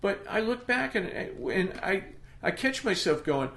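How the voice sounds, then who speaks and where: A man's voice: a little high, expressive, fairly quick, a bit bright, roomy sound. A middle-aged man hosting a podcast, giving an emphatic motivational monologue that he punctuates with "okay?" check-ins. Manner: emphatic, pep-talk delivery with frequent "okay?" check-ins. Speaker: podcast host.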